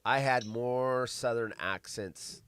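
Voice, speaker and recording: A middle-aged man hosting a live show, rambling and swearing, with big swings between loud bursts and mumbling. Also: medium pitch, takes it slowly, smooth. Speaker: podcast host. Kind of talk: casual live-stream chat.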